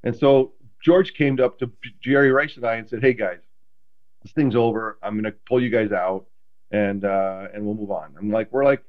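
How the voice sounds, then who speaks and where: A man, a guest in a casual interview, telling stories in an animated, self-deprecating way with many restarts. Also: fairly low pitch, normal speed, narrow, tinny audio. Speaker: guest, former quarterback.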